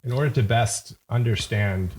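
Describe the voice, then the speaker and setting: A man's voice: mid-range voice, moderate pace, darkish tone. A man talking as a guest wine expert in a casual interview, explaining patiently and letting his voice drop at the ends of phrases. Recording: noisy podcast recording.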